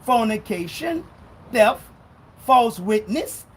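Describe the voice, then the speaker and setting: A man preaching a sermon in a loud, fiery way, swinging between shouting and low muttering. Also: lively intonation, takes it slowly, a little hiss or hum, low-quality recording. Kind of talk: street-style sermon.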